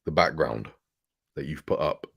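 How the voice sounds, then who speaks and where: A man with a low, husky voice chats as a guest about films. He rambles, teases the host and laughs often, speeding up in bursts. The recording is dry and close. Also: a bit bright, dry recording. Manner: rambling, teasing, quick bursts, frequent laughs. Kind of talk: casual chat about films.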